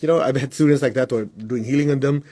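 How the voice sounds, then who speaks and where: Spiritual teacher, male, husky and a little breathy, casual live-stream teaching with mid-range pitch. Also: fast, warm tone. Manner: conversational, asks the audience whether it makes sense; mimics students in high voices.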